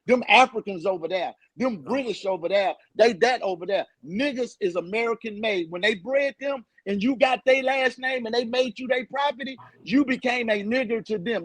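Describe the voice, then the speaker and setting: A man with a high, husky voice lectures emphatically in a heated panel call. His delivery is preachy and street-talking, and the sound is dry and close. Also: fairly bright tone, no echo.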